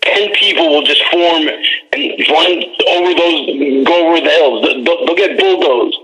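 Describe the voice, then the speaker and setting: A man's voice: fairly high pitch, unhurried, a bit bright, rough recording. A man calling into a talk radio show, blunt and profane, stammering and repeating words.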